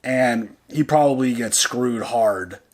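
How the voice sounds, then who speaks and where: This is a man in casual chat as a reaction-show co-host, with a voice sitting right in the middle of the male range. He talks loosely and profanely and reasons his way out loud, backing up and restarting his sentences as he goes. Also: medium pitch, slow pace. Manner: loose and profane, heavy on "like" and "dude"; thinks aloud, restarting sentences.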